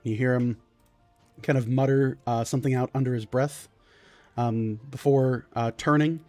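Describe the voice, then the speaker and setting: A man narrating as game master of a tabletop game, descriptive and unhurried, with frequent fillers. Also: mid-range voice, steady tone, dark tone, no room sound, faint music behind.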